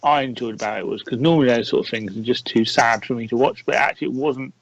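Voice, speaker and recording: A man's voice: medium pitch, fast, dry recording. A man co-hosting a podcast in casual chat, emotional and laughing easily, with stumbling restarts, on a dull lo-fi recording. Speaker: podcast co-host.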